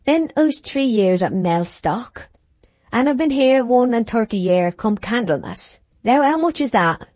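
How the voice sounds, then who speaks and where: A woman reading the part of an aged, testy village maltster in an audiobook, with slow, drawn-out rustic speech. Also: on the high side, animated, a little mellow, dry recording, pitched above the performer's own voice. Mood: ponderous.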